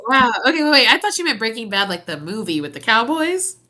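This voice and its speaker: A woman from Texas co-hosting a podcast, chatting casually in an animated, giggly way with lots of fillers and restarts. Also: on the high side, fast talker. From Texas, United States. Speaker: podcast co-host. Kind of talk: casual chat.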